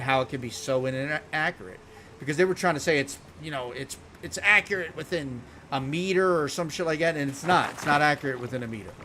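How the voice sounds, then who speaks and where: A man speaking at an ordinary middle pitch, spinning a long story while he streams a game. His delivery is blunt and animated, with plenty of swearing. A faint hiss of noise sits under his voice.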